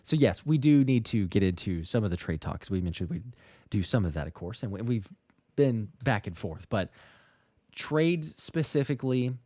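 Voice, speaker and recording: A man's voice: on the low side, very animated, normal speed, mellow, no room sound. A man hosting a live sports Q&A stream, reading out viewer comments and riffing between them in a loose, chatty way. His voice is close and dry, with no room sound around it. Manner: loose and chatty, lots of fillers and restarts. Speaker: podcast host reading live questions. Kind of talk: casual live Q&A chat.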